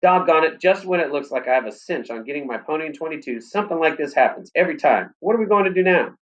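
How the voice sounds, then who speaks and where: A man's voice: a little high, expressive, fast talker, highs cut off, voice pushed up, close to an everyday voice. A man reading aloud, voicing an eager young farm boy who pleads and exclaims.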